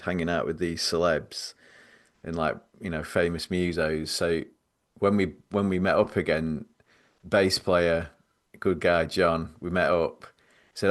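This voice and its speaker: Rambling low-voiced male podcast host. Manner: rambling, self-deprecating, laughs easily. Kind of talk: casual storytelling chat.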